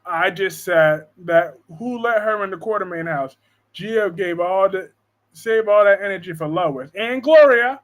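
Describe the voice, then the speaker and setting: A high-voiced man chatting casually on a live stream from home. He keeps things animated and joking, and reads viewer comments aloud as he goes. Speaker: live-stream host discussing soap operas.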